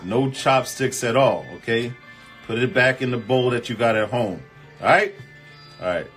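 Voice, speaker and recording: In his casual relationship advice chat, the host goes through viewer comments and answers them emphatically and animatedly in everyday language. His voice is mid-range, his speed normal, with faint music behind.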